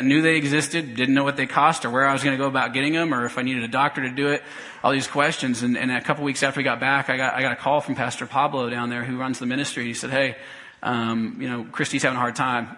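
A man, a pastor, telling a personal story in a sermon, talking conversationally with many restarts and going quiet in emotional parts. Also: medium pitch, flat delivery, fast, low-quality recording.

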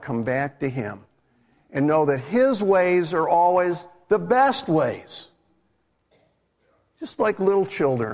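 A middle-aged man, a minister, preaching a live sermon in a church in a conversational way, putting questions to his congregation. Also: fairly high pitch. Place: church sanctuary. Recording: live church recording with long hall reverb.

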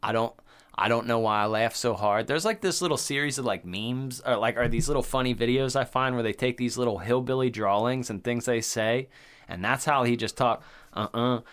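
A man's voice: medium pitch, a little fast, a bit bright, clear, resonant tone. A man co-hosting a casual horror movie podcast, laid-back and rambling, swearing often. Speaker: podcast co-host. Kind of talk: casual chat.

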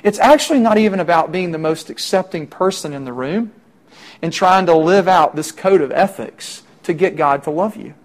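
Man, young adult, campus preacher, conversational sermon, rhetorical questions, slightly high voice. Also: normal speed. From Middle Tennessee. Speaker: campus minister.

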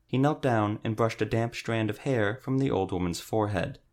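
A man narrating an audiobook in a steady, even reading voice. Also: on the low side, normal speed. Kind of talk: scripted narration.

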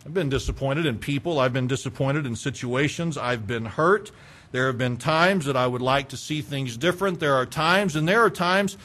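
A middle-aged male pastor preaching a sermon, animated, swinging between loud urging and quiet asides. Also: mid-range voice, normal speed.

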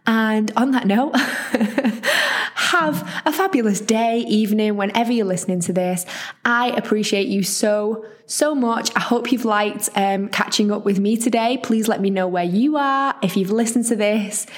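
A woman's voice: medium pitch, normal speed. A woman hosting a solo podcast, talking in a chatty, encouraging, rambling way. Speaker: podcast host.

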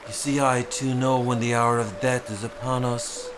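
A man's voice: mid-range voice, flat delivery, moderate pace, lightly acted, rough recording. A man voicing a cold, vengeful woman slayer with a mocking, taunting delivery over background music.

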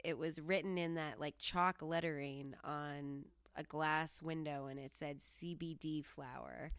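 A woman with a low, smooth voice tells a story in a loose, chatty way, laughing and putting on the people she quotes. The sound is dry and close, with no room around it. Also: no echo. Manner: animated, laughing, quoting herself and others. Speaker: podcast host. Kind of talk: casual storytelling monologue.

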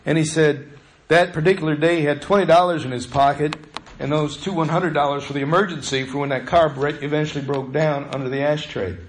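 A man's voice: a little high, steady tone, brisk, a little hiss or hum. A male pastor preaching a sermon in a conversational, storytelling way.

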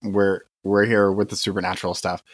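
A man's voice: low voice, little pitch movement, a little fast, dry recording. Dry, teasing man co-hosting a podcast. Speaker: podcast co-host. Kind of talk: casual chat.

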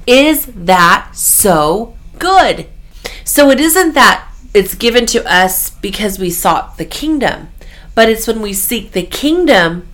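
A woman's voice: on the high side, fairly bright tone. A woman hosting a devotional podcast, delivering an earnest, emphatic faith talk.

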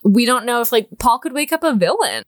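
A woman's voice: on the high side, sing-song, fairly quick, no room sound, studio quality. A woman hosting a podcast, chatting casually and rambling with many fillers. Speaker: podcast host.

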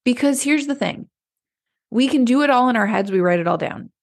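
A woman's voice: on the high side, lively intonation, a little fast, creaky. A woman coach giving a casual motivational talk, chatty and conversational, often acting out people's inner voices. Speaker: clarity coach.

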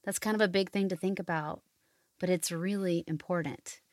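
A woman hosting a family devotional podcast, guiding listeners gently and reading scripture slowly and soothingly. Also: lowish voice, steady tone, dry recording, studio quality. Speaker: podcast host.

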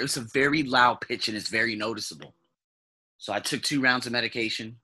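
Telling a personal story to the camera, a male vlogger speaks in a piercing, tense, very bright voice with a husky edge. His delivery is casual and animated, with free swearing and the odd imitated sound. His pitch sits mid-range with fairly even intonation, at a normal speed with frequent pauses.

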